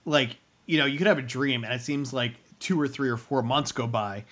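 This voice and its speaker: A man's voice: mid-range voice, a little fast, a bit bright. A man co-hosting a casual review show, talking in long rambling stretches with many restarts. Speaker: podcast co-host running the stream.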